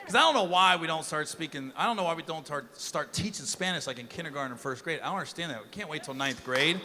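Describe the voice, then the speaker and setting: A middle-aged man doing a stand-up comedy set, loud and profane, with shouted punchlines. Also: a little high, animated, fast talker. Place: comedy stage before a live audience. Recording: loud crowd and noise of a live club show. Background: audience laughter.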